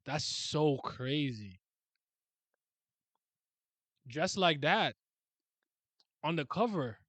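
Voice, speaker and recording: Bright-voiced man reacting casually, dry close mic. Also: on the high side, very slow, no echo. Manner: casual, excitable, talks to the audience with slang. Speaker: manga reaction host. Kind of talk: casual reading and reaction commentary. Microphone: handheld mic on a swing arm, held close.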